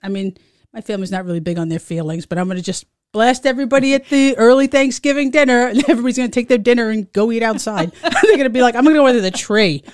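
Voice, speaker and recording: This is a chatty woman, talking casually and laughing often as she goes. Her voice sits fairly high, and it is recorded close and dry with no room sound around it. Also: steady tone, fast, no room sound. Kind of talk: casual chat.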